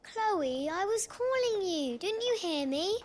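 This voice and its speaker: Spoiled little girl, game character, petulant, whiny, high-pitched. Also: big pitch swings, takes it slowly, a little hiss or hum, full character voice.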